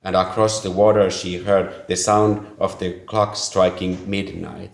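A man with a very deep voice reads a story aloud in a slow, measured way. His delivery is earnest, with a few small slips along the way. The sound is roomy and echoing. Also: level tone, gravelly. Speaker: narrator. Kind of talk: audiobook reading. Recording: roomy echo.

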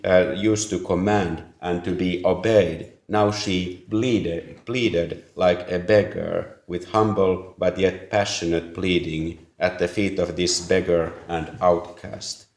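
A man narrating a story in a measured, earnest reading with a few small slips. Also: low voice. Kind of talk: audiobook reading. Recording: roomy echo.

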